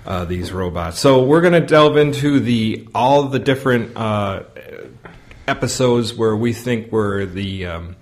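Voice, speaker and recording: A man's voice: on the low side, lively intonation, measured pace. A man co-hosting a podcast in casual chat, rambling with lots of fillers and ready laughs. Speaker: podcast co-host.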